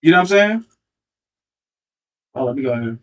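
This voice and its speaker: Speaking at a brisk clip with lively intonation, this man has a medium-pitched, fairly bright voice picked up from a distance. He's hosting a livestream, using a headset mic for a heated rant full of taunting, confrontational jabs that he keeps repeating.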